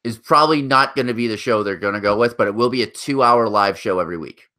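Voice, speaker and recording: A man's voice: on the low side, fast, bright, forceful tone. A man co-hosting a podcast in casual, profane chat, passing along news and rumors. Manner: profane, rumor-sharing banter. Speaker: podcast co-host.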